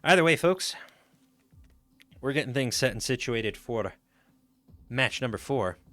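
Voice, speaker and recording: A man doing excited play-by-play commentary on an online shooter match, with loud hype calls and constant "folks" to the viewers. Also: mid-range voice, measured pace, soft background music. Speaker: esports caster.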